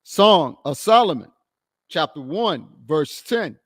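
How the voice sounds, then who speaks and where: A man reading scripture aloud slowly and deliberately, adding short affirmations between readings. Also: on the high side, animated, a bit bright, no echo, clean studio sound. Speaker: scripture reader.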